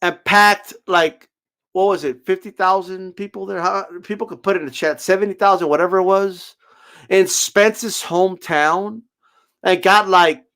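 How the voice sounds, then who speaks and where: A man's voice: high voice, steady tone, moderate pace, a bit bright. A man giving a profane, sarcastic boxing rant, mocking critics and cutting them off. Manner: profane, sarcastic, mocks critics in put-on voices. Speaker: boxing commentator. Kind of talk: ranting commentary.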